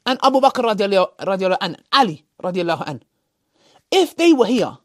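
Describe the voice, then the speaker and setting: A man's voice: sits high, big pitch swings, fairly quick, dry recording, clean studio sound. A man giving heated reaction commentary, scolding and mocking with sarcastic quotes.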